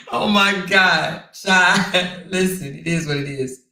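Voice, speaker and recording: Woman host, sharp bright voice, blunt, swears freely, laughs a lot, echoey room. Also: lowish voice. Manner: blunt, profane, laughs often. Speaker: channel host. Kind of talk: casual live-stream commentary.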